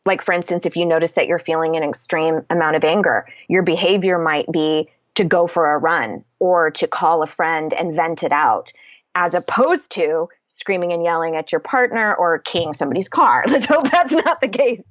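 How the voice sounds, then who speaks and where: A woman's voice: low voice, normal speed, no room sound, dull audio. A woman coach talking candidly and casually in a podcast interview, swearing freely as she explains her method. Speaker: guest, confidence coach.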